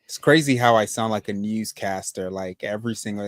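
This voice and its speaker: A man's voice: fairly low pitch, fairly quick, dry recording, clean studio sound. A man co-hosting a casual podcast, talking in a laid-back, rambling way with lots of fillers. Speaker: co-host.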